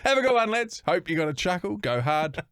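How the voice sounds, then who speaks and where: A man's voice: high voice, very animated, fairly quick, a bit bright, smooth, dry recording, studio quality. Crude man telling a story. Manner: crude, sweary, laughing storyteller. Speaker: podcast co-host. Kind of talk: casual storytelling chat.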